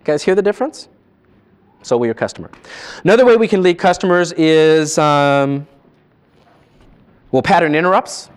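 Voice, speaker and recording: A man training salespeople in a live seminar, animated and quizzing his audience. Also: fairly high pitch, normal speed, pauses often, clean tone.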